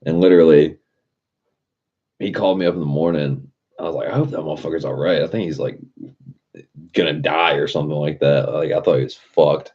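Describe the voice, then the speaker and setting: A man's voice: extremely low pitch, fairly even intonation, a little fast, husky. A young man chatting casually on a live stream, telling a loose, profane story with frequent chuckles. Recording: dull lo-fi sound with faint music behind.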